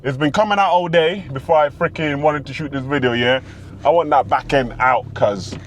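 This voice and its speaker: A brash young man, full of street slang, boasts about his driving from inside a car. His voice sits high and is wearing hoarse. The engine and road rumble loudly beneath him. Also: normal speed. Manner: boastful, loud bursts of hype, street slang. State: losing his voice. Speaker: car vlogger. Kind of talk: excited in-car commentary. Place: inside a car on country roads. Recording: car noise behind the voice.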